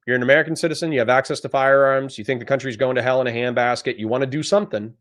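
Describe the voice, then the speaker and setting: Male livestream host, mid-pitched, blunt, profane, chatty delivery. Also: fairly even intonation, racing, a bit bright. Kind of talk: livestream reading chat.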